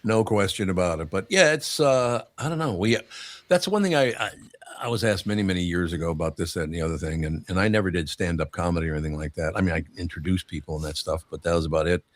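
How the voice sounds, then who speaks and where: A man's voice: deep voice, quick pace, no echo. An older man hosting a radio show, telling rambling stories and laughing often in casual chat. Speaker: radio host.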